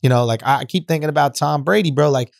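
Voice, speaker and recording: A man's voice: a little high, vocal fry, no room sound, studio quality. A man co-hosting a podcast, arguing his point in slangy casual banter. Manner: argumentative, slangy, quick to debate. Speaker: podcast co-host.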